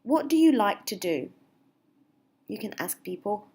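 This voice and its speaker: A woman teaching beginner at a deliberately slow pace, with a slightly husky voice. She is patient and repeats each example phrase, giving it a lifted, sing-song stress. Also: medium pitch, very animated, darkish tone. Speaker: English teacher. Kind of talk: slow, clear English lesson.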